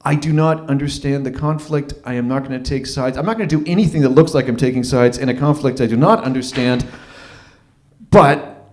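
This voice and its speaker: A man in his thirties telling a personal story at an open mic, animated and acting out what other people said. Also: medium pitch, brisk. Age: 30s. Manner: animated, acts out quoted voices. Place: live open mic venue.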